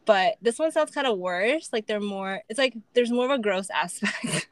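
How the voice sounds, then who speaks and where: Relaxed woman co-host thinking aloud. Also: medium pitch, moderate pace, dry recording. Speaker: podcast co-host. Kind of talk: casual chat.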